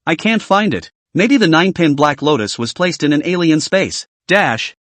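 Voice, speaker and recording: A jittery underworld servant, hurrying and repeating himself, as a man reads him. The voice sits a bit high and swings widely, recorded dry. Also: lively intonation, normal speed, fairly bright tone, no room sound. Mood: anxious. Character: anxious male underworld servant.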